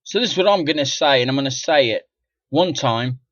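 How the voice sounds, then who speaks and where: A middle-aged man vlogging an indignant, profane rant to camera, dropping to mutters and then bursting out loudly. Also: medium pitch, expressive, fairly quick, dry recording. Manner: profane, indignant, swings from muttering to loud outbursts. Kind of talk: ranting monologue to camera. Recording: dull lo-fi dry sound.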